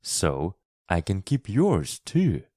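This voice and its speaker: A man voicing a kind, cheerful country boy in a storybook reading, speaking gently and steadily. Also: low-pitched, huge pitch swings, slow, no echo, clean studio sound, exaggerated voice. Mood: gentle. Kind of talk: storybook reading for English learners.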